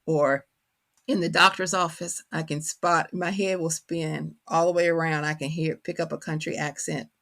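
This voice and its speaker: Gravelly Kentucky woman, thoughtful. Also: sits low, steady tone, normal speed, a bit bright. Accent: Kentucky country. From Kentucky, USA. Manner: thoughtful, searching for words. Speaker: author guest. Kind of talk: reflective interview conversation.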